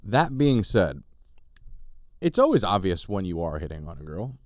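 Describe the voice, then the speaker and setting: Animated, crude man telling stories. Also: sits low, normal speed, no room sound, studio quality. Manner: crude, animated storytelling with quoted voices. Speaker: podcast co-host, comedian. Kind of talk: casual storytelling chat.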